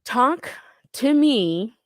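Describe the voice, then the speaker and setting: A woman's voice: sits high, expressive, drawn-out words, no echo, clean studio sound. A woman chatting casually on a podcast in a playful, teasing way, laughing often. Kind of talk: casual chat.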